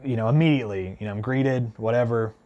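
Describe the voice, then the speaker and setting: The audio is dull, and the guitar vlogger speaks quickly in a mid-range voice. Addressing the camera casually, he tells an indignant, rambling story full of "like" and "you know," with many animated restarts.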